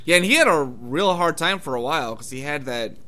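A man's voice: on the high side, lively intonation, a little fast, sharp tone. A man co-hosting a casual movie chat, rambling and hedging as he talks. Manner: rambling, hedging with "I mean" and "it's like".

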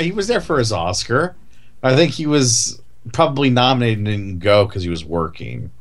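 A man's voice: mid-range voice, expressive, normal speed. A man co-hosting a casual chat, rambling with lots of "like" and "you know". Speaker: podcast co-host.

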